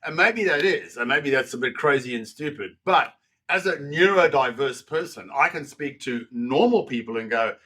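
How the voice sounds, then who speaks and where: At a moderate pace and medium pitch, this sixty-something guest on a podcast narrates his life frankly and with energy, swearing liberally and dropping in frequent jokes at his own expense as he tells the story conversationally.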